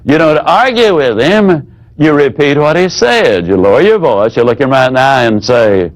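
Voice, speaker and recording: A man teaching a sales training seminar in a folksy, demonstrative way. He drops his voice low whenever he acts out an example. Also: animated, moderate pace, low-quality recording.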